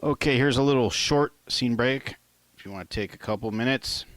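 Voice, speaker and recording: A man reading his own novel aloud in first person, in a plain, unhurried way with occasional asides to the listener. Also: medium pitch, fairly bright tone, no room sound. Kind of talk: first-person audiobook narration.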